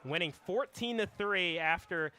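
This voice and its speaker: A young man calling a college baseball game play-by-play from the ballpark booth, excitable and loud on big plays. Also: sits high, a little slow, a crowd in the background. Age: young adult. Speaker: play-by-play announcer. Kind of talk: live baseball commentary.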